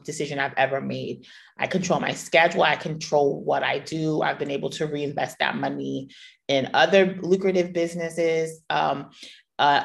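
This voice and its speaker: A middle-aged woman hosts a podcast, sharing personal stories with candor, playfulness and emphasis. Her voice sits low and creaky, with a slightly bright edge.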